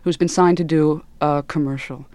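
A woman interviewer asking questions in a measured, thoughtful way. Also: sits low, fairly even intonation, warm tone, no room sound. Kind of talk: talk-show interview.

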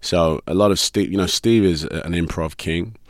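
A British man talks through an interview in an easy, chuckling way, leaning on ums and you-knows. His voice sits very deep and low. The sound is close and dry, with no room around it. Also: normal speed, no room sound. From Britain. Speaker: actor guest. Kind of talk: casual interview chat.

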